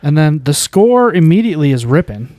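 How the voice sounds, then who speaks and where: A man's voice: a little high, sing-song, a little fast, a little mellow, dry recording, clean studio sound. A man co-hosting a podcast, enthusiastically talking through a movie in casual chat. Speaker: podcast co-host.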